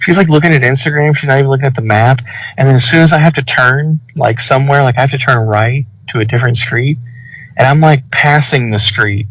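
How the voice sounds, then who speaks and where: A man's voice: medium pitch, brisk. A young man co-hosting a podcast, telling a story in casual chat, swearing and acting out the quoted lines. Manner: animated, profane, acts out quoted dialogue. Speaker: podcast co-host. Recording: slightly muffled podcast recording.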